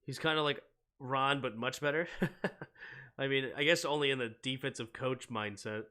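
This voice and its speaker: Brief: young male streamer, very bright tone, excitable play-by-play, banter between downs. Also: medium pitch, moderate pace. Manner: excitable, rises to shouting on big plays. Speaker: sports stream host and play-by-play caller. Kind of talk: live play-by-play and casual chat.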